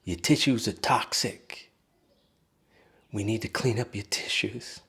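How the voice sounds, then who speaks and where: A man's voice: on the low side, slow, creaky, bright, forceful tone, slightly rough, pitched above the performer's own voice, heavily acted. A man imitating a brash ex-SEAL buddy from Staten Island, New York, pushy and matter-of-fact. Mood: insistent.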